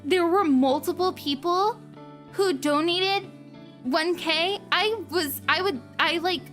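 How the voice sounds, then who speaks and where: High-voiced gushing woman streamer. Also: takes it slowly, a bit bright, faint music behind. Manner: gushing, emotional, giggly. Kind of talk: casual livestream chat.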